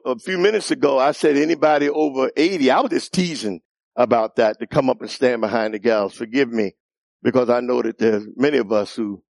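Preacher, male, sermon style, call-and-response, playful asides then shouted peaks; gravelly voice, dry close recording. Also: mid-range voice, no echo. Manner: playful teasing asides with laughter. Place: church.

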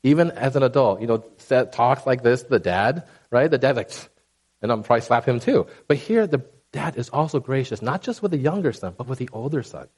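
A man preaching a sermon in a conversational, animated way, often checking in with the congregation. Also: mid-range voice, brisk, hardly any pauses. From Asian background.

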